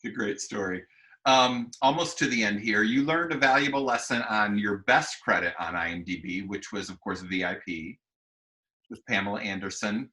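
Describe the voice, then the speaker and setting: Male host of a chill interview, bright sharp voice, quick mm-hmms. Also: fairly low pitch, poor audio. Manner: relaxed, brief affirmations. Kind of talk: casual interview.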